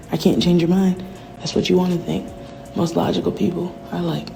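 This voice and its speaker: Woman ranting and swearing, gravelly low voice, goes hushed a lot, noisy background. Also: little pitch movement, moderate pace. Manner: profane, rambling, often drops to a hushed whisper. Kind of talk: candid venting monologue.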